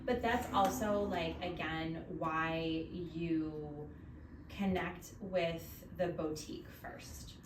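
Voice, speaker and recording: Lower-voiced woman host, roomy sound. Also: steady tone, slow. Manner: affirming, conversational advice. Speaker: podcast host. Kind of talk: casual podcast chat. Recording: roomy, distant mic with faint noise.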